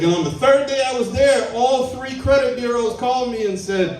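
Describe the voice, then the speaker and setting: A man's voice: very high voice, moderate pace, hardly any pauses, a little mellow, far from the mic. A man from Trinidad and Tobago doing a live stand-up set in a comedy club, with brash, profane, punchy delivery. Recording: very echoey live room, off mic.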